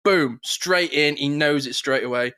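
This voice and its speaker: A man, co-hosting a podcast and telling stories with quick impressions in casual chat. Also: on the high side, clean tone. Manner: animated, quick storytelling with impressions. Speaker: podcast co-host.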